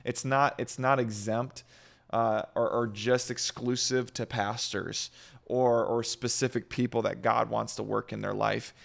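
Creaky-voiced man, rambling and earnest. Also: mid-range voice, flat delivery, measured pace. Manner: rambling, heavy on fillers, earnest. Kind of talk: casual faith talk.

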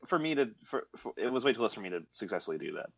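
A man riffs sarcastically on a movie, his speech quick and tumbling, with restarts and repeats. His pitch swings widely from phrase to phrase, and the sound is dull and lo-fi. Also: very animated, crowd noise. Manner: sarcastic, rambling, repeats himself. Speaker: podcast co-host. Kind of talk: casual film podcast chat.

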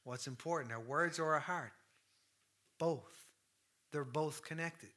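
A man in his thirties preaching a sermon with passion, swinging from loud declarations to hushed near-whispers. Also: fairly high pitch, slow pace.

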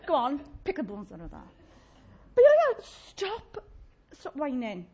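A woman's voice: high-pitched, wildly swooping pitch, measured pace, mellow. A woman preaching a chatty, humorous sermon, acting out little voices of complainers.

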